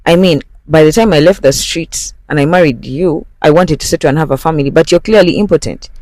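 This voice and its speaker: A man voicing a cold, unapologetic unfaithful wife in a retold movie scene, with sharp, dismissive retorts. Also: on the high side, a little fast, no echo, close to an everyday voice, poor audio. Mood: defiant.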